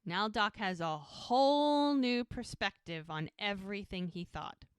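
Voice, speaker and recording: This is a woman co-hosting a rewatch podcast, talking through a TV episode and voicing the characters' dialogue as she goes. Her voice is smooth and clear at a middle pitch. The sound is close and dry, with no room echo. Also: expressive, a little slow. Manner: retells scenes by acting out characters' lines, laughs often. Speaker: podcast co-host. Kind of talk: casual recap of a TV episode.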